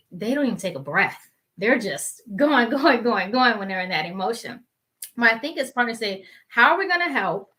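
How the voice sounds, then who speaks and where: A woman's voice: mid-range voice, bright, forceful tone. A woman co-hosting a talk show panel, giving earnest advice in casual chat. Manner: earnest, advice-giving, quotes herself in asides.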